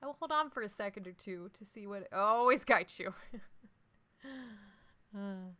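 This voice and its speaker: A woman hosts a live game stream, chatting and joking casually with viewers about their votes in a let's-play setting. Her medium-pitched voice is bright, forceful, and animated, at an unhurried pace.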